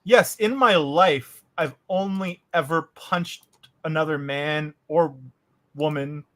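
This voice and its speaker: A man's voice: a little high, takes it slowly, fairly bright tone. A Canadian man chatting casually and wryly while streaming a game. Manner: bantering, wry, rambling. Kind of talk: casual gaming chat.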